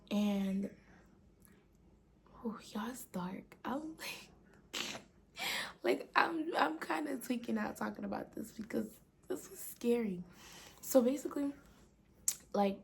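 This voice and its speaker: Woman vlogger doing storytime, lots of "like", kinda whispery, gravelly voice. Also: a little high, slight background noise. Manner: casual, fills with "like", often half-whispered. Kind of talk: storytime vlog.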